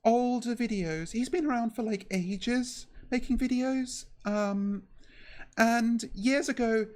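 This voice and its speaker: A woman chatting casually on a stream, her voice pitched a bit high and slightly shaky. She talks in a halting, nervous way, stopping and restarting often and leaning on fillers. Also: darkish tone. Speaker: VTuber streamer.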